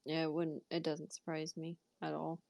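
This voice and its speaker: A woman hosting a podcast, chatting in a relaxed, hesitant way. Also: low voice, normal speed, vocal fry, dry recording. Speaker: host. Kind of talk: casual chat.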